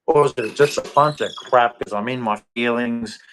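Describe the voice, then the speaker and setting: A man's voice: mid-range voice, normal speed, a bit bright, a little hiss or hum, low-quality recording. A man ranting bluntly and repetitively in a casual vlog monologue. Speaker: vlogger.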